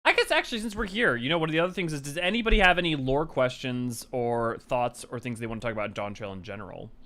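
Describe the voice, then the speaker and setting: A man's voice: medium pitch, lively intonation, quick pace, bright, forceful tone. A young man hosting a game stream, chatting casually with many fillers and some swearing. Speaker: streamer host. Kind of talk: casual live-stream chat.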